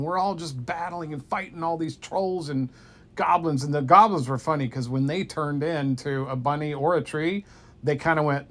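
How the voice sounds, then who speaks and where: A man makes up a bedtime story for a child, telling it in an animated, playful way and sometimes dropping to hushed tones. His voice is a little high.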